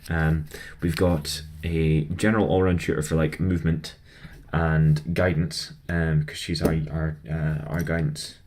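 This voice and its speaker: A man's voice: sits low, darkish tone. A young man rambling casually about his week while building a model kit, chatty and self-deprecating.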